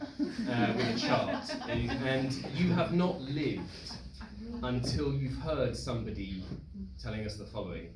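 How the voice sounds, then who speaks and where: A young man telling a true story live on stage, animated, acting out the voices of the people in it. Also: mid-range voice. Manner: animated, acts out voices in quotes. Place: live event hall with audience. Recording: roomy live hall, distant mic, noisy.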